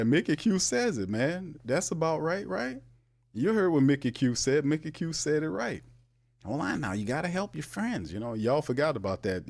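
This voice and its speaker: Animated sports host. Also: male voice, vocal fry. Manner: animated, with emphatic pitch jumps and repeated "hold on now". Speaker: sports talk show host. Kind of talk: casual live sports talk.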